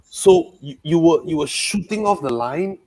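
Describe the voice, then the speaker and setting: Excitable man describing speed. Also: on the high side, a little slow. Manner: excitable, describes with sound effects. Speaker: panelist. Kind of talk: casual chat.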